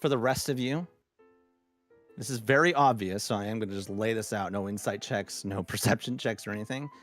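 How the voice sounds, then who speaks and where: A man's voice: fairly low pitch, a little fast, faint music behind. A man narrating a tabletop game as game master, loose and chatty with lots of fillers. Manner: laughing, loose storytelling with many fillers.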